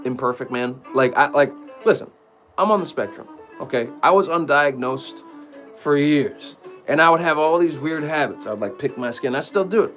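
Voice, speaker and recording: A man giving an emphatic, preachy casual monologue to his viewers, rambling with restarts. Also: a little high. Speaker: streamer talking to viewers.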